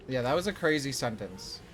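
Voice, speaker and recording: A man's voice: mid-range voice, fairly bright tone, a little hiss or hum. A man streaming a video game, chatting, laughing and critiquing it casually. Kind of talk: casual let's play commentary.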